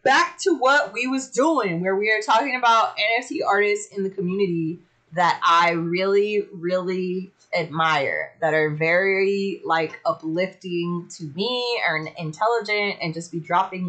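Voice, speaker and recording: A woman hosting a casual livestream, chatty and excitable, swearing freely as she talks. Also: medium pitch, measured pace. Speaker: livestream host.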